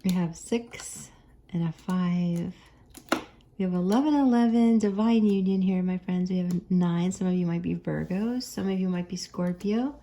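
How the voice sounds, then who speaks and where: Mellow-voiced American woman reading tarot. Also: fairly low pitch, normal speed, a little hiss or hum. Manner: chatty and gentle, laughs often. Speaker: tarot card reader. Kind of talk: casual tarot reading to viewers.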